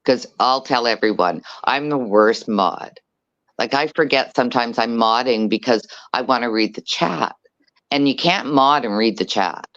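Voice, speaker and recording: A woman's voice: very deep voice, normal speed, a bit bright, lo-fi sound. A woman guest on a casual panel chat who moderates the chat, self-deprecating and blunt, laughing often.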